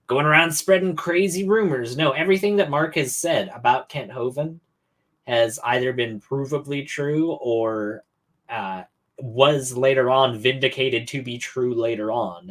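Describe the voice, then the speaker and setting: A man's voice: medium pitch, measured pace. A man co-hosting a casual reaction chat, sarcastic and argumentative, often laughing. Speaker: co-host reacting to a documentary.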